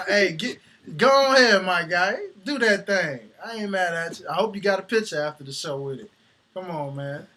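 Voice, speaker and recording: A man co-hosting a casual wrestling chat, laughing often and breaking into loud impressions. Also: sits high, moderate pace. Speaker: podcast co-host.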